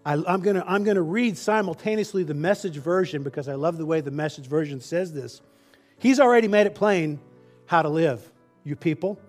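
A man preaching in a loose, conversational way, doubling back on his words as he walks through a scripture verse. His pitch sits a little high for a man. Soft music plays faintly underneath. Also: fairly quick. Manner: conversational, restarts phrases, acts out the people's whining in a raised voice. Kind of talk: sermon.

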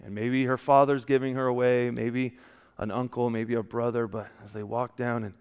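A man preaching a casual, story-filled sermon, often dropping to a soft hushed tone. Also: medium pitch, flat delivery, normal speed, smooth. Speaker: pastor. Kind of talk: conversational sermon with stories. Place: church. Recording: long church hall reverb.

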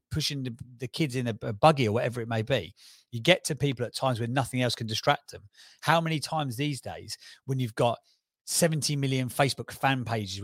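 A man's voice: mid-range voice, fairly bright tone, no room sound. Man, Cockney accent, podcast guest, persuasive and eager, dry close sound. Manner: enthusiastic, persuasive, quick with restarts. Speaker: podcast guest, brand strategist. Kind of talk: casual podcast interview.

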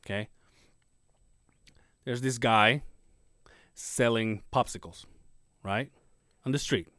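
A man's voice: medium pitch, slow pace, pushed and bright, no echo, studio quality. A man co-hosting a casual podcast, telling jokes in a rambling, profane way with many restarts. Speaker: podcast co-host.

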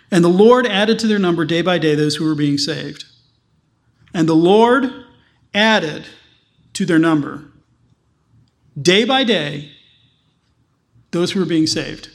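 A man, a pastor, preaching a sermon with emphatic, repeated phrases. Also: high-pitched.

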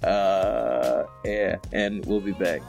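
A man co-hosting a podcast in casual chat, relaxed and teasing, with short interjections. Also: lowish voice, very slow, creaky, soft background music. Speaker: podcast co-host.

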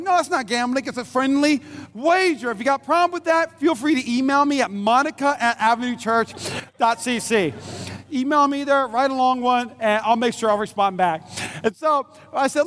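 A man with a strikingly high voice preaches at a church service, joking through a story about his competitive wife. He keeps turning to the room with quick questions. A faint hiss sits under the recording. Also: lively intonation, fairly bright tone. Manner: playful storytelling, frequent audience check-ins. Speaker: pastor. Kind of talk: humorous sermon.

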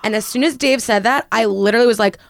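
A young woman with a slightly hoarse voice tells a wild story to her co-hosts in an animated, chatty way, full of fillers and quick asides. Her voice is close and dry, with no room sound around it. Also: fairly high pitch, dry recording. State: hoarse after a late night. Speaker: podcast co-host. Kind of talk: casual chat, storytelling.

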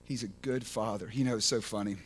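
A man preaching passionately on a podcast, swinging from hushed prayer to shouted excitement, full of restarts and "man" and "you know.". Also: fairly low pitch, fast talker, slight background noise. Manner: repeats words and restarts, casual fillers like man and you know. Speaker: podcast speaker at a recovery ministry. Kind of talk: impassioned preaching.

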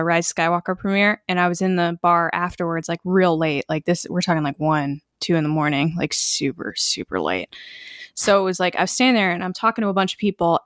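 Lively storytelling woman, dry close sound. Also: lowish voice, no echo. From Connecticut. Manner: animated storyteller, acts out quotes. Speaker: podcast co-host. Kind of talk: casual chat.

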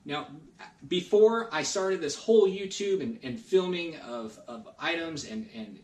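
A man's voice: a little high, fairly bright tone, distant mic. Earnest, rambling male podcast guest, roomy off-mic sound. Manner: rambling, earnest, many restarts. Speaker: guest collector. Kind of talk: casual podcast chat.

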